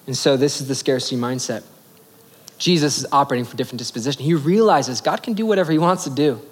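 A young man preaching a sermon in a casual, conversational way, with slang and quick acted asides. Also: medium pitch, slightly rough.

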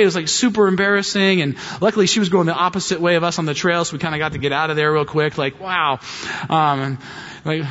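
A middle-aged man preaching a sermon as a pastor, telling a story in a lively way and mimicking high-pitched voices in his quotes. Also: brisk. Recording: dull audio with long hall reverb.

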